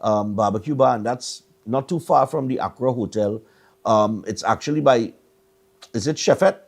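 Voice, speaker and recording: A man's voice: medium pitch, moderate pace, vocal fry. A middle-aged man with a Trinidadian accent, hosting a morning show and telling stories in a casual, rambling way with stammered repeats. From Trinidad and Tobago. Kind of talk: casual chat.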